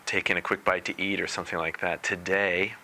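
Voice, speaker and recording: A man giving a spiritual talk as a meditation teacher, unhurried and deliberate with a gently playful touch. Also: deep voice, level tone, a little hiss or hum.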